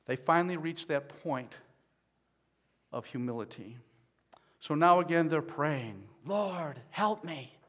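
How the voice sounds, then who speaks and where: A man preaching a sermon as pastor, at times rising to loud pleading as he voices people's prayers. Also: on the high side, expressive, unhurried, pauses often. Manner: builds to loud pleading when voicing prayers.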